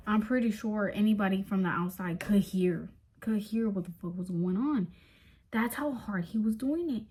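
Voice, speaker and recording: A young adult woman telling a story in a casual vlog, animated and emphatic, full of slang fillers. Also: a little high, slight background noise.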